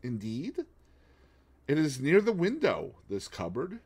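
A man's voice: on the high side, huge pitch swings, takes it slowly, darkish tone, slightly rough, exaggerated voice. A man voicing a fussy middle-aged Belgian male detective, asking precise, probing questions.

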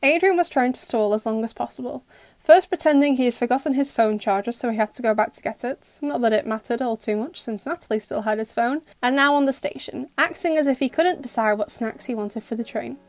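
A woman narrating an audio story in a steady, expressive reading voice. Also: fairly high pitch, a little fast, dry recording.

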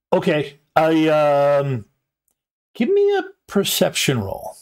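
Slow, halting male game master. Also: fairly high pitch, wildly swooping pitch. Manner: halting, full of ums and restarts. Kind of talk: narrating a tabletop game live. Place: live convention stage.

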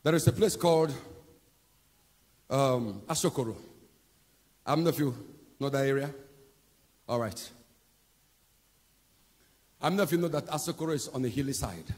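A man with a Nigerian English accent preaching a sermon as pastor, shouting and chanting phrases with fervour in a large church auditorium. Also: medium pitch, normal speed, pauses often, slightly rough. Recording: echoey hall with music behind.

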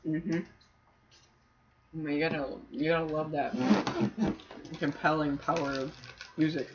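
A man's voice: fairly high pitch, little pitch movement, a little slow, slight background noise. A man co-hosting a let's play, trading crude jokes and teasing banter over the game. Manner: crude, teasing, breaks into silly voices. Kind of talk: casual joking banter over gameplay. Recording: dull lo-fi recording.

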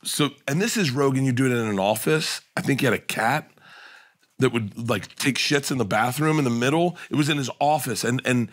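A male comedian talks as a podcast guest, spilling out anecdotes in an animated, rambling way. He restarts his sentences and laughs as he goes. His voice sits at an ordinary middle pitch. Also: brisk. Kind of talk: casual storytelling chat.

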